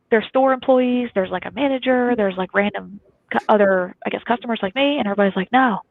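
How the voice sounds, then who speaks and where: Fast-talking woman on a thin line. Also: fairly high pitch, creaky, no echo. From Kentucky, USA. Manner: lively, chatty, animated storytelling. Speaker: guest. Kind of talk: casual storytelling on a live talk show. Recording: dry, phone-like thin audio.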